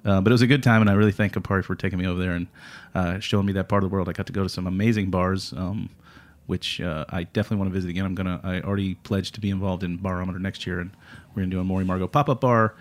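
A man hosting a podcast, telling stories in a casual chat with a co-host, chuckling and trailing off low at the ends of lines. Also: steady tone, rapid-fire, few pauses. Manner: storytelling, chuckling, drops to a low mumble at line ends.

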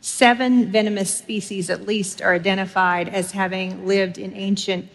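A woman's voice: medium pitch, steady tone, normal speed. A middle-aged woman from Texas, preaching a sermon and telling stories with humor while speaking directly to her audience.

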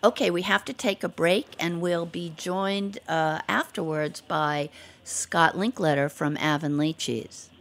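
Lady host with a lowish, gravelly voice, chatty, trips over her questions a bit. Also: a little slow. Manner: chatty, with hesitant restarts. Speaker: radio show host. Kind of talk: casual interview.

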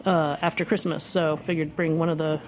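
A woman guest in a radio studio, talking casually with many pauses and restarts. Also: sits low, flat delivery, darkish tone. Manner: hesitant, lots of ums and restarts. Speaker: beer importer guest.

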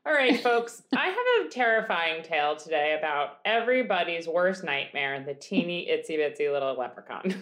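A woman's voice: fairly low pitch, sing-song, normal speed, few pauses, fairly bright tone. A tired woman in her thirties co-hosting a podcast, chatting casually with lots of swearing and "like" fillers. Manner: laid-back, swears often, lots of "like" fillers. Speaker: podcast co-host. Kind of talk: casual chat.

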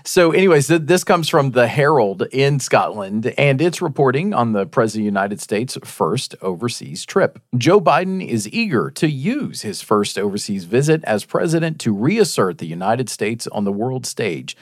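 A man's voice: mid-range voice, big pitch swings, normal speed, hardly any pauses, no room sound, clean studio sound. A man hosting a faith-based news talk show, reading news stories aloud and chatting with his co-hosts.

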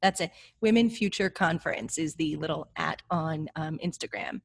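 A woman chatting as a podcast guest, telling a story with lively acted-out quotes. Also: deep voice, normal speed, creaky, slightly rough. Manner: animated storyteller, acts out her own quotes. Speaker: speaker on CBD for women. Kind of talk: casual chat.

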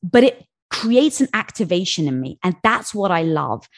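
A woman guest on an interview, telling a business anecdote in a lively way and acting out the voices of the people in it. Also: fairly low pitch, normal speed. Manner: animated, acts out voices in anecdotes. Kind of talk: casual storytelling.

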